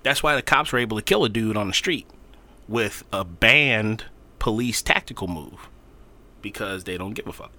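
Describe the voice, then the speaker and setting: Man, podcast co-host. Lively, swinging pitch and a very bright tone. Casual, profane, acts out the quotes. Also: normal speed. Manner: animated storytelling, swearing, laughing, acting out quotes.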